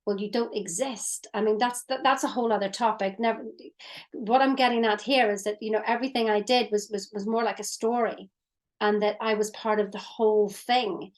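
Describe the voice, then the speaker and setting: A woman in her fifties, a mindset coach, co-hosts a casual chat over a video call. She talks in a reflective, hesitant way with fillers and restarts. Her medium-pitched voice is fairly quick with fairly even intonation.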